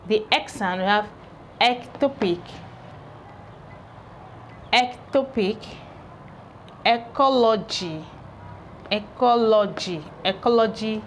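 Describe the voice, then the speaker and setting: A woman leads a pronunciation lesson, drilling each word again and again at an unhurried pace. Her voice sits at an ordinary pitch, and a faint hiss of background noise runs under it. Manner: repeats each word several times, deliberate drilling. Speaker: English teacher. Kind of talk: pronunciation lesson, repeating words slowly.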